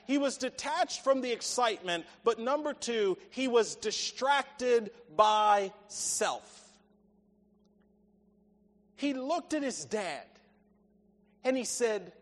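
A man's voice: extremely high pitch, lively intonation, slow pace, long pauses. A man preaching a sermon, emphatic, putting rhetorical questions to his congregation. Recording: reverberant church hall.

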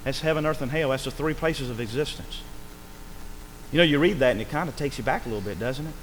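A man preaching a sermon in an emphatic way, swinging between loud calls and quiet lines and asking for amens. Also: mid-range voice, quick pace, a little hiss or hum, poor audio.

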